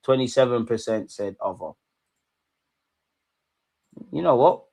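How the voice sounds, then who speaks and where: A man streaming a live football watchalong, excitably shouting at players and the referee and bantering with his chat. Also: medium pitch, measured pace, vocal fry. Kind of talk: live match reaction commentary.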